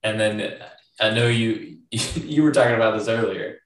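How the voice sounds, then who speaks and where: A man with a fairly low voice co-hosting a laid-back movie podcast. He recaps scenes in a relaxed, conversational way, laughing along with his co-host. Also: normal speed. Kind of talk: casual movie discussion.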